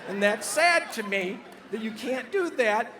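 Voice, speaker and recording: A scatterbrained middle-aged mom fumbling through a joke, forever losing her place and drifting into tangents, as a man puts her on. The voice sits high for a man. A faint hum of room ambience lies under it. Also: lively intonation, a little slow, crowd noise. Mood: indignant. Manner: scatterbrained, digressive, loses the thread. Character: rambling middle-aged mother telling a joke. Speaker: comedian.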